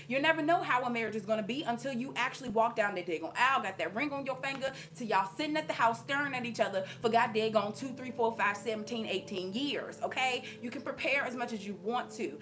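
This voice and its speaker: A woman's voice: on the high side, a bit bright. A woman vlogger talking to her viewers in a casual, emphatic way, often laughing and repeating asides to them. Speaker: spiritual vlogger. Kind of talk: casual spiritual encouragement to viewers.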